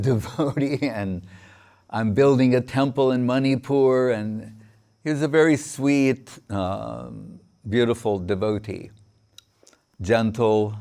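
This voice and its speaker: A man, a spiritual teacher, giving a sermon on scripture in a halting way, reciting verses and restarting often. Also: medium pitch, darkish tone, smooth.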